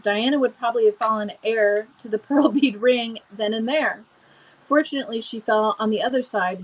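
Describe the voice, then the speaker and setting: A woman's voice: on the high side, low-quality recording. A woman reading a novel aloud expressively, with chatty asides and small stumbles. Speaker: book reader.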